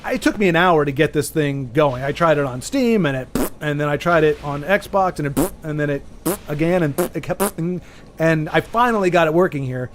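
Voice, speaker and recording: A man's voice: on the high side, normal speed, slight background noise. Rambling man on a gaming stream. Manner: rambling, with frequent restarts and bursts of excitement. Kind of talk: casual chat while gaming.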